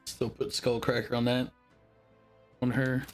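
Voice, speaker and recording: A man's voice: medium pitch, flat delivery, measured pace, faint music behind. A man casually commentating while he plays a video game. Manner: offhand commentary over gameplay. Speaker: gameplay streamer. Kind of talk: casual let's play commentary.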